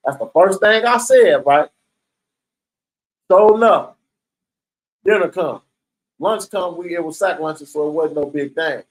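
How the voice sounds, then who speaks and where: A man's voice: fairly high pitch, a little slow, long pauses, rough recording. A man telling a story in a casual, streetwise way, swearing freely and often checking in with "right?". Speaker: storyteller recounting prison life.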